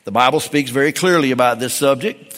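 A man's voice: medium pitch, brisk, fairly bright tone. A man preaching a sermon in a folksy, emphatic way on a pulpit mic in a church. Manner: folksy, emphatic, with frequent restarts. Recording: long hall reverb.

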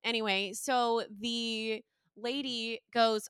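A woman co-hosting a podcast in casual chat, telling animated stories full of swearing and acting out what other people said. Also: a little high, fast talker, no echo, studio quality. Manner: animated storytelling, swears a lot; acts out others' lines in raised voice. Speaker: podcast co-host.

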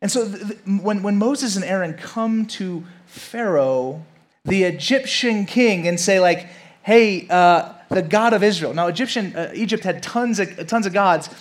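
Casual preacher, man, high-pitched, chatty, restarts words, talks straight to the congregation. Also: a little slow. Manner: conversational, repeats words, asks listeners. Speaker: pastor. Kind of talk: casual sermon.

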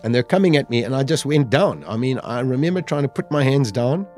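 As an interview guest, a man tells a survival story vividly, acting out the words he and others once said. His medium-pitched voice is animated, a little fast and a little mellow, with faint music behind him.

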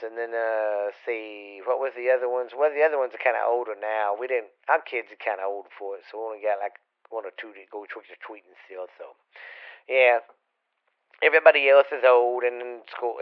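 A Louisiana man who often guests on a podcast chats casually in a rambling, folksy, profane way, even calling listeners "babies." His voice is mid-range, clear, and resonant, but the recording is dull and lo-fi.

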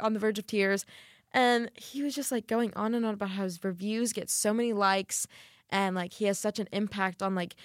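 A young woman tells a long workplace story in casual podcast chat, her sentences loose and full of fillers. Her voice sits at an ordinary middle pitch, recorded dry and close. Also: no room sound. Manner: rambling, many "like" fillers, animated retelling. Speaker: podcast co-host.

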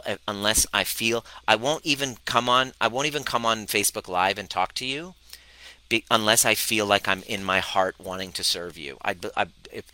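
A man in his thirties giving a live-streamed relationship coaching talk, animated, swearing freely and acting out both sides of conversations. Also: medium pitch, no echo, low-quality recording.

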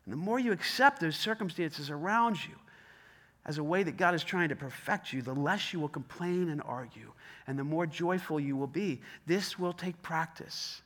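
Bright, high-voiced preaching man. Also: normal speed. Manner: emphatic, repetitive, conversational. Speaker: pastor. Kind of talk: sermon.

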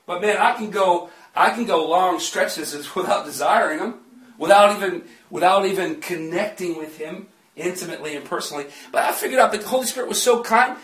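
Laughing and joking with the congregation, a man delivers a chatty sermon in a brisk, high, fairly bright voice. A far-off mic captures the echo of the church.

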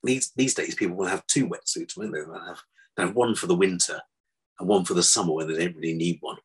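An older man, a vet, telling stories from his past in a relaxed interview, with dry self-deprecating humour. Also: low-pitched, fast, slightly rough. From England. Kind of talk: casual interview chat.

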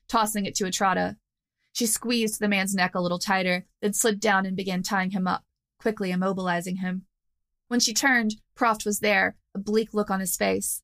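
A woman narrating a fantasy audio story in a steady storytelling manner. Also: medium pitch.

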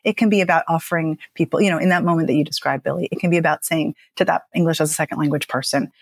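A woman speaking as a speech and dialect coach, explaining with emphatic, lively phrasing and frequent "right?" checks. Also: low-pitched, racing, creaky, no echo, clean studio sound. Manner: animated, emphatic, lots of "right?". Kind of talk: podcast interview guest.

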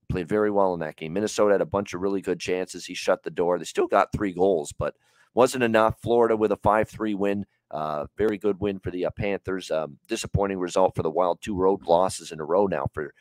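A man's voice: sits low, a little fast, darkish tone, no echo. A man hosting a solo sports betting podcast, talking in a rambling, conversational way full of fillers. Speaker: sports betting show host.

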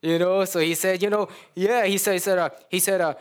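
A man's voice: high-pitched, steady tone, a little fast, few pauses, clean tone. A man preaching, retelling a story in a folksy, chuckling way. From Louisiana. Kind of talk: storytelling sermon.

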